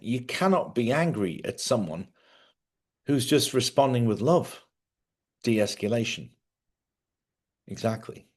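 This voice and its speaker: A man's voice: mid-range voice, a little mellow. Rambling male live-stream host. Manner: rambling, conversational, repeats himself and asks listeners "yeah?". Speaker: host of a live spiritual talk show. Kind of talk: casual live-stream talk. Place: studio.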